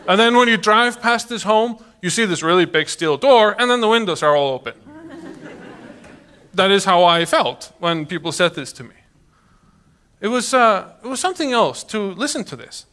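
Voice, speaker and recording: A man in his thirties tells a personal story before an audience. His voice sits high and bright, and it rises and falls a great deal. He drops into other people's voices as he goes. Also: moderate pace. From Iceland. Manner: animated, acts out quoted voices. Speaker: public speaker.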